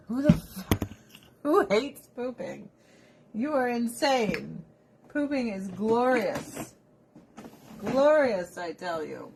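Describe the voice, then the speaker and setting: A woman's voice: a little high, animated, takes it slowly, pauses often, background noise. A woman in her thirties chatting casually, ranting bluntly with lots of swearing and mocking impressions. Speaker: vlogger. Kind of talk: casual chat.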